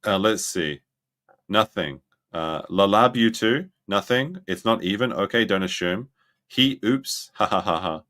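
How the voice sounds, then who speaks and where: A man hosting a livestream, reacting to clips with excitable commentary that keeps breaking into laughter and sudden shrieks. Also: low voice, measured pace. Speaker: livestream host.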